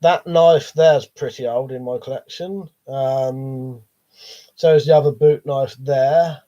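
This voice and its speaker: A man's voice: medium pitch, fairly even intonation, takes it slowly, dark tone. A man with a cold, coughing as he hosts a live stream, reading viewer chat in a rambling, sweary, hesitant way. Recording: dull lo-fi stream audio.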